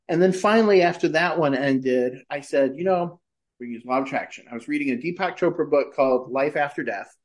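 Animated middle-aged man telling his story. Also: fairly quick. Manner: animated, shifts pitch when quoting himself. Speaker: podcast guest. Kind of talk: casual conversational storytelling.

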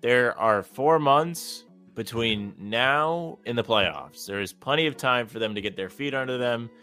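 A young man talking sports on a podcast in a calm, even way, teasing his co-host at times. His voice is bright at a middle pitch. Faint music plays under the talk. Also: measured pace.

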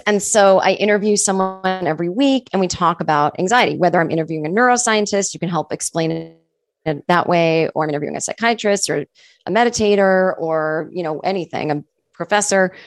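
A woman comedian with a faint Boston accent tinged with California, talking casually and self-deprecatingly as an interview guest, with animated asides. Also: on the low side, brisk, no room sound, clean studio sound. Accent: faint Boston with California touches. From Boston area, USA.

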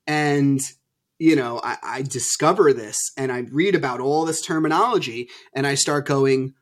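Animated man telling his story. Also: medium pitch, moderate pace. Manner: animated, acts out past arguments. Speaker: podcast guest. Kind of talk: candid storytelling. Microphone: video call.

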